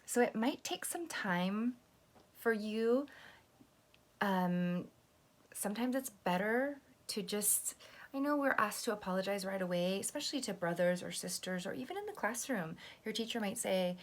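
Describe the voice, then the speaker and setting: A young woman teaching young children how to apologize, speaking gently and patiently and explaining each step, now and then acting out sample apologies. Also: medium pitch, expressive, normal speed. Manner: acts out sample apologies to a pretend friend. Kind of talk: lesson for children.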